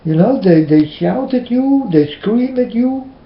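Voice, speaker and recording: Slow earnest Dutch man, roomy lo-fi. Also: very high voice, animated. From Netherlands. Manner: earnest, halting, asks questions again and again. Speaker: religious vlogger. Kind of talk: casual preaching monologue.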